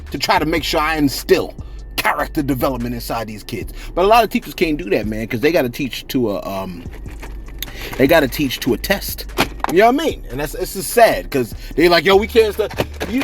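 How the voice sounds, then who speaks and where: New York guy, higher voice, lively and slangy, talking straight to viewers over faint music. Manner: slangy, animated, frequent "you know what I'm saying". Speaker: celebrity news commentator. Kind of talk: casual monologue to viewers.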